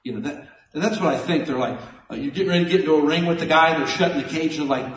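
A middle-aged man preaching a sermon as a pastor, animated and folksy, swinging between loud and soft. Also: on the high side, rapid-fire. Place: church sanctuary. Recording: echoey church hall from a distance.

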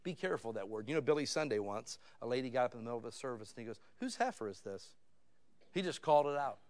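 Racing through his sermon, a male pastor keeps things conversational. Quiet asides give way to loud, beseeching emphasis.

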